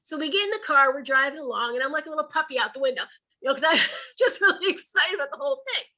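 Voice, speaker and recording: Bright, lively woman storyteller. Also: sits high, fast talker, low-quality recording. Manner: lively, chatty storytelling that acts out quoted dialogue; colloquial, folksy phrasing. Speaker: author and speaker. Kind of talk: storytelling talk to an online audience. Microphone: video call.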